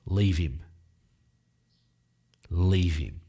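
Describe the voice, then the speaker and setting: A man's voice: deep voice, expressive, extremely slow, dark tone, breathy edge, voice pushed down, heavily acted. A man voicing a tough male bounty hunter who gives blunt, clipped orders in his own voice. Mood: stern.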